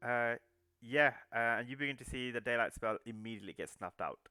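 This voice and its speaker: A man narrating as game master in a tabletop game, pausing often with fillers. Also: medium pitch, sharp tone, clear, resonant tone, no room sound. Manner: hesitant, filler-heavy narration.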